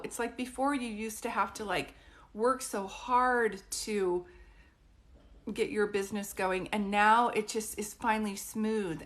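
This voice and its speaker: Woman giving a live-stream psychic reading. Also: medium pitch. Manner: warm, reassuring, frequently checks in with "do you know what I mean?".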